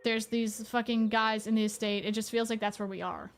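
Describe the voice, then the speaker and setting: Her voice sits a little high, with fairly even intonation and a slightly fast pace, as she streams a horror game. The let's-play talk is casual and chatty, heavy on swearing and wandering asides.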